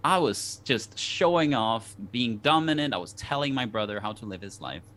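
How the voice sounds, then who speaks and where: A man's voice: mid-range voice, animated, moderate pace, fairly bright tone. A man from Denmark, a guest on a talk show, telling a personal story in an earnest, reflective way with many restarts.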